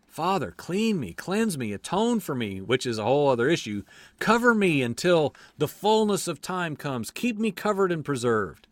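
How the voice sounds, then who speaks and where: Male preacher, fervent and emphatic, voice sitting somewhat high and swinging widely, dry close sound. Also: a bit bright, dry recording. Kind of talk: impassioned sermon.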